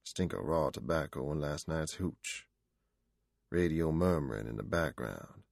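A man's voice: extremely low pitch, expressive, unhurried, creaky, dry recording, clean studio sound. A man narrating an audiobook in the first person, in a slangy, vernacular storytelling manner.

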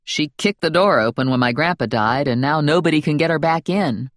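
A woman narrating a first-person audiobook with a wry, expressive and playful delivery on a close studio mic. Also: deep voice, fairly quick, dry recording.

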